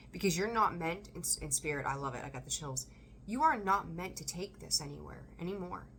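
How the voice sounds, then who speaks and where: A woman reading tarot for her viewers, emphatic and animated, repeating phrases for emphasis and swearing now and then. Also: medium pitch, a little hiss or hum. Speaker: tarot reader. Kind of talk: intuitive tarot reading to camera.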